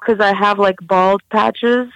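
A woman's voice: mid-range voice, steady tone, slow pace, low-quality recording. A young woman recounting a personal story in an interview, casual and candid with many fillers. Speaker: guest.

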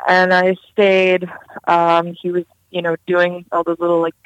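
A woman's voice: on the low side, completely flat delivery, unhurried, no room sound, muffled recording. A young woman recounting a personal story in an interview, casual and candid with many fillers. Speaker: guest.

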